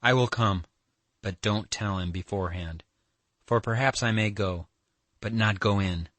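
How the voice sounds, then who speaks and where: A man's voice: fairly low pitch, unhurried, a bit bright, no room sound. A man reading an audiobook, voicing a proud, defiant young woman who falters and pleads in distress. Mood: distraught.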